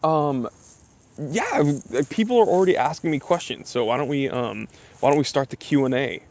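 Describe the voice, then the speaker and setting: A man's voice: fairly high pitch, expressive, moderate pace, a little mellow, no room sound. A young man hosting a casual live stream Q&A, reading viewer comments aloud and chatting with lots of fillers. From near New York.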